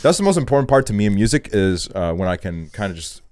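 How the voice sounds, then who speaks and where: A man's voice: on the low side, quick pace, no echo. A young man hosting a podcast, chatting loosely with lots of swearing and playful self-quotes. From Estonia. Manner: loose and profane, animated when quoting himself. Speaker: podcast host. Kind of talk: casual chat.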